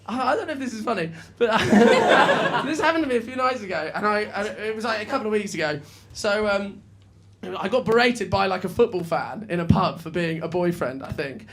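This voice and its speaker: A man's voice: high-pitched, lively intonation, brisk. A man performing a stand-up comedy set on a club stage, chatty and self-mocking, often laughing and tripping over his words. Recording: live club audio with loud crowd laughter and noise.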